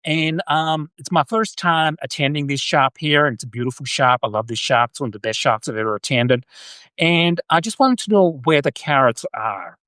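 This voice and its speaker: A man's voice: fairly high pitch, normal speed, bright, forceful tone, smooth, no room sound. An Australian man putting on an overly formal Southern American shopper who talks in a stiff, wordy, polite way.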